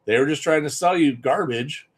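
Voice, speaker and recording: A man's voice: a little high, normal speed, breathy edge. A man giving an emphatic, conversational live-stream talk as a business coach, often repeating points for stress.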